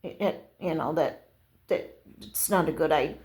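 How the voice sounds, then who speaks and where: A woman's voice: deep voice, unhurried, a little mellow, voice pushed down. A woman doing a stern male store attendant. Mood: reproving. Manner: reproving, lecturing.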